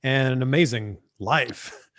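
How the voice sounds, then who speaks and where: A man's voice: medium pitch, slow, fairly bright tone. A man hosting an interview, thanking his guest in an appreciative, upbeat way. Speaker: interview host. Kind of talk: interview chat.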